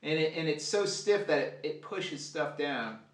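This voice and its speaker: A man's voice: fairly high pitch, animated, a little slow. A man giving a casual, profane live fly-tying demo, rambling and joking as he works. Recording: roomy sound, mic at a distance.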